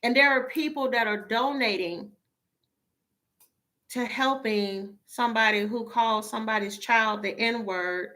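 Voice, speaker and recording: Weary, blunt woman with a higher voice. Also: a little slow, pushed and bright. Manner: weary, exasperated and blunt, with swearing. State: emotionally drained. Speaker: tarot reader. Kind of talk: casual monologue to viewers.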